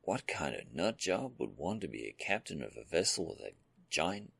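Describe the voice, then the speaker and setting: A man's voice: low voice, sing-song, moderate pace, vocal fry, fairly bright tone, slightly rough, dry recording, exaggerated voice. A man doing a sardonic Southern doctor. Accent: American Southern. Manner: suspicious, derisive. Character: tall thin Southern male doctor, suspicious and sardonic.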